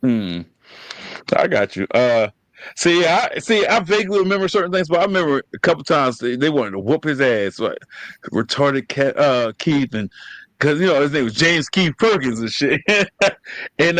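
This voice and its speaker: Animated man telling family stories. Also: on the high side, dry recording, poor audio. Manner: profane, animated storytelling with laughs. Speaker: podcast host. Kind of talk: casual conversation with his brother.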